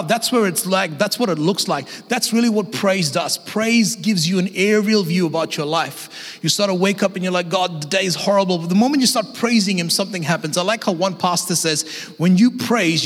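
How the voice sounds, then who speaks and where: A man in his thirties delivers a lively sermon in a high voice, speaking casually and animatedly to his congregation. His words carry a long reverb from a large church auditorium. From Australia. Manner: energetic, conversational preaching with acted-out voices. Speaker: guest pastor.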